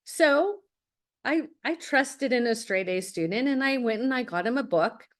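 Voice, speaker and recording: Speaking at a moderate pace with a fairly high pitch, this middle-aged admissions consultant talks parents through a webinar masterclass. She is direct, tells plenty of stories and acts out quotes.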